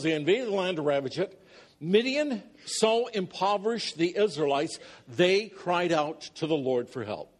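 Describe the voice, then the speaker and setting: A man preaching a sermon, reading scripture aloud dramatically and breaking off for jokey, conversational asides to the congregation. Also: sits high. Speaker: pastor.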